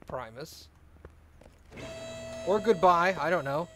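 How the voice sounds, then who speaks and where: Chatty, higher-voiced male streamer. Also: lively intonation, moderate pace, pauses often, background noise. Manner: rambling, joking, chatty with viewers. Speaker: let's play streamer. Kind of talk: casual gameplay chat.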